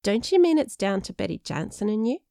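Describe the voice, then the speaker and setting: A woman's voice: medium pitch, big pitch swings, a little fast, gravelly, warm tone, no echo, clean studio sound, pitched above the performer's own voice. A woman voicing a cheeky teenage girl. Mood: wry. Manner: playful and teasing.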